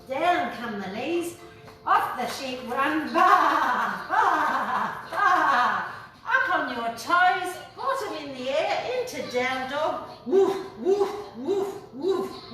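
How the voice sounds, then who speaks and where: A woman's voice: high voice, a bit bright. A woman from Australia leading a children's yoga class, playful and encouraging, joining in with animal noises. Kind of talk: guided kids' yoga class. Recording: echoey room, distant mic, music behind.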